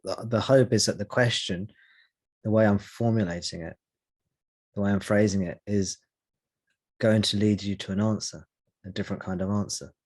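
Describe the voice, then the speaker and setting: A man leading a spiritual meeting, answering a question in a slow, reflective way with long pauses. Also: on the low side, steady tone, darkish tone, slightly rough. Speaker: satsang teacher.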